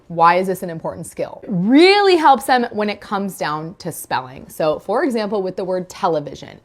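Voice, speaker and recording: A young woman gives a homeschool phonics lesson in a clear, deliberate voice. She stretches words out slowly when she sounds out syllables for her demonstration. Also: mid-range voice. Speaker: homeschool teacher. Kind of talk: instructional talk to parents.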